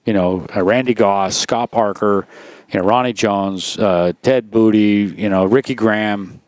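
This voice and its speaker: A man's voice: fairly low pitch, unhurried, dry recording. A man in his sixties, a former racer telling stories in a casual interview, rambling with lots of "you know" and restarts.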